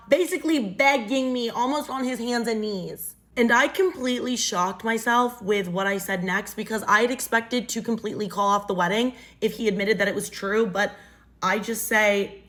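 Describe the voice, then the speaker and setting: A woman's voice: on the high side, moderate pace, fairly bright tone. A young adult woman casually retelling a dramatic personal story in first person, storytime style. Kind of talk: storytime narration.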